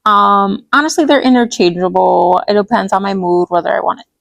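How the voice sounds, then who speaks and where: A woman's voice: medium pitch, fairly quick, gravelly, fairly bright tone, dry recording. A woman vlogger chatting casually about her doll collection, rambling and giggly, tripping over names as she goes. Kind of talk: casual chat while restyling dolls.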